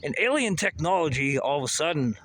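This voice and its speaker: A man's voice: fairly high pitch, sing-song, a little fast. A man rambling and cursing in a walk-and-talk monologue outdoors, recorded on a handheld phone by a road. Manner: rambling, profane, addresses Russia directly. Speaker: vlogger. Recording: outdoor noise with passing vehicles.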